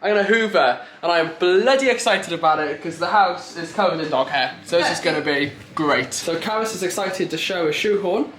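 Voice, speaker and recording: A man's voice: sits high, a little fast, few pauses, a bit bright, roomy sound, a little hiss or hum. A young man chatting casually at home for a vlog, teasing and playful, laughing often. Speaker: vlogger.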